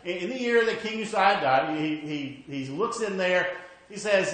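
A man preaching a sermon in a conversational way, often checking in with "okay?" and dropping quiet when he reads scripture aloud. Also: expressive, measured pace, very echoey, rough recording. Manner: rises for emphasis, then drops low and quiet when reading scripture.

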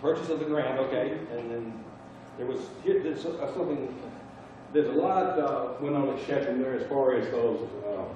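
A man with a Southern US accent teaching a Bible class, halting and repeating himself as he quizzes the group. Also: mid-range voice, dark tone, slight background noise. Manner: halting, repeats words, asks the class questions. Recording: echoey room from far off, dull sound.

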